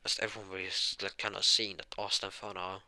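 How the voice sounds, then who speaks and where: A young man improvising a fan story, halting and rambling with many fillers. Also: low-pitched, flat delivery, bright, forceful tone, dry recording.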